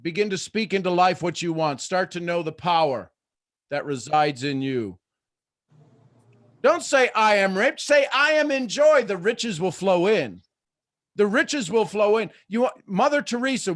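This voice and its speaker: Male motivational host, high voice, preachy, big swings in energy, dry booth sound. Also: no echo. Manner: preachy, swings between soft asides and loud excited bursts. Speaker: host of a live morning motivational show.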